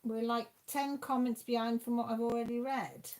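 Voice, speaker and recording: A craft channel host chats casually from home during a live stream, reading out comments and exclaiming as she talks to the chat. Her voice is a little high and slightly mellow, with little pitch movement, at a normal speed.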